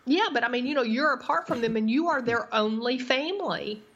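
A woman's voice: a little high, fairly quick, fairly bright tone. Hesitant woman chatting on a lo-fi podcast. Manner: hesitant, lots of "I mean" and "I don't know". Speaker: podcast co-host. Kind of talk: casual TV recap chat. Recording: dull lo-fi podcast audio.

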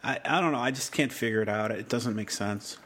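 A man co-hosting a casual TV recap podcast, thinking out loud and posing questions. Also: lowish voice, brisk, husky. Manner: musing, thinks aloud with questions. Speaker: podcast co-host.

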